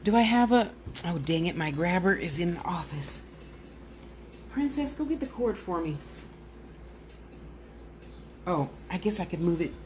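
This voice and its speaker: A woman's voice: on the low side, expressive, moderate pace, a little mellow, a little hiss or hum. A woman clairvoyant medium in casual live-stream chat at home, rambling and blunt, talking straight to her viewers.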